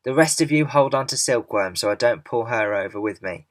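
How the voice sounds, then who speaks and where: A man's voice: mid-range voice, expressive, fairly quick, natural voice. A man reading aloud, voicing a brave young boy who takes charge in a storybook. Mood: urgent. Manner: urgent, commanding. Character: excitable young boy hero.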